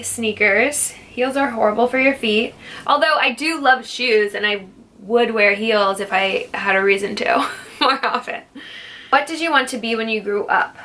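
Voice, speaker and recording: Young woman, fitness instructor, casual vlog Q&A, jokey, giggly, crisp bright tone, slightly high voice. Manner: jokey, playful, not serious; chatty, laughs often.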